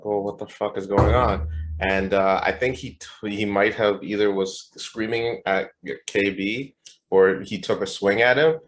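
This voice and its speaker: A young man with a very deep, low voice tells a party story on a podcast. He is laid-back and slangy, drifting through fillers and casual swearing. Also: a bit bright, a little hiss or hum. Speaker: podcast co-host.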